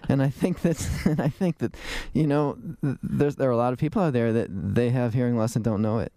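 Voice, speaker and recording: A man's voice: mid-range voice, moderate pace, dark tone, no room sound. A man hosting a radio talk show as a dentist, chatting in a rambling way with fillers and restarts from a studio.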